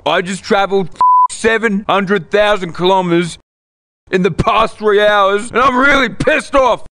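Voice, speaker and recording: Guy doing a pissed off aussie santa, high bright voice, swears nonstop. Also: fairly even intonation, a little slow. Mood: irate. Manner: cranky, swearing rant. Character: foul-mouthed grumpy adult male Santa.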